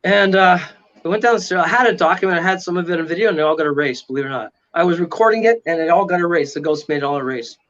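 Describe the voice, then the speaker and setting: Excitable man telling a dramatic story. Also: fairly high pitch, racing, lo-fi sound. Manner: excitable, dramatic retelling with frequent "right?". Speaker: paranormal investigator guest. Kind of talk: animated storytelling in casual interview.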